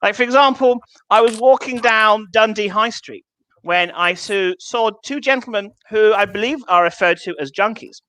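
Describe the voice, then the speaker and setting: A man's voice: high-pitched, moderate pace, pushed and bright, low-quality recording. A young English man doing a self-mocking stand-up set online, acting out little voices in his stories. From England. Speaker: stand-up comedian.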